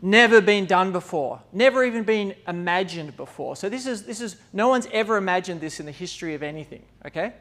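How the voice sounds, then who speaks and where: A man's voice: sits high, lively intonation, a little fast, few pauses, fairly bright tone. A man giving an informal, conversational sermon, laughing often and acting out bits of dialogue. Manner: chatty, laughing asides, acts out dialogue. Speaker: preacher.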